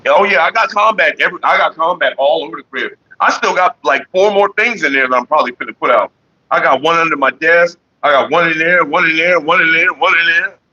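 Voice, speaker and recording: Profane, animated man telling a story. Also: on the high side, fairly quick, dull audio. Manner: animated, profane, slips into quoted voices. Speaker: livestream host. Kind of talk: casual profane storytelling to viewers. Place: home.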